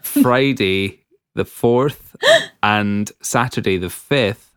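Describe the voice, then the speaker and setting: A man's voice: very slow, a bit bright, smooth, no echo, studio quality. A man hosting a casual podcast, joking and laughing often. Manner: jokey, laughs often, wide swings in pitch. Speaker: podcast host.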